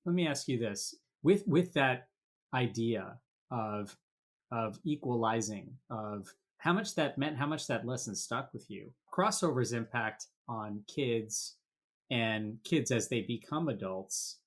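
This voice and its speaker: A man's voice: mid-range voice, expressive, takes it slowly, slightly rough. A male podcast host asking a guest questions in an interview, thinking aloud and restarting as he builds each question. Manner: thoughtful, circling and restarting while he builds a question.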